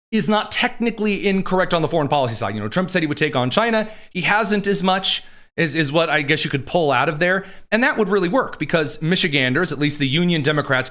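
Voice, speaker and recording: A man's voice: fairly high pitch, fairly bright tone. A man hosting a political commentary show, talking in a sarcastic, rambling way. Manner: sarcastic, digressive. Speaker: host.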